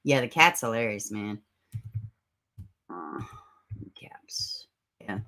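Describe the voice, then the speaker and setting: Speaking slowly in a very deep voice, a woman livestream host reads through her chat in a casual session from home. She sits near her camera, whose mic picks her up, and she's animated and sarcastic, laughing a lot and cursing freely.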